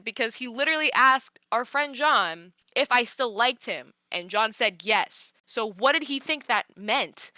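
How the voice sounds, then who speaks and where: A young woman host retelling a personal story in casual podcast chat, animated and exasperated, laughing often. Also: on the high side, moderate pace, hardly any pauses, no room sound.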